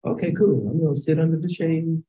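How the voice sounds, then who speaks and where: A woman with a Chicago accent leading a Bible class over a video call, quizzing students with questions and drawn-out emphasis, sometimes rising to shouts. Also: deep voice, highs cut off.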